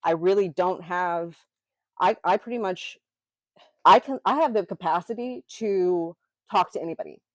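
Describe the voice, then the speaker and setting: A middle-aged woman from Memphis, co-hosting a podcast in an animated, chatty way. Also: lowish voice, no room sound, low-quality recording. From Memphis, Tennessee. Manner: animated, talks with her hands, quick asides. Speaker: podcast co-host. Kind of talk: casual chat.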